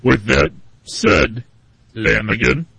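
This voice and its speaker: Gravelly man with rambling deadpan banter. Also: medium pitch, slow, no room sound. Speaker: comedy show co-host. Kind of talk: improvised comedy banter.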